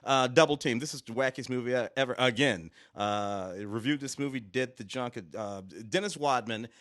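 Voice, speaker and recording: A man's voice: medium pitch, normal speed, a bit bright, no room sound, studio quality. A middle-aged man co-hosting a film podcast, rambling with many restarts in casual chat. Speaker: podcast co-host, film critic.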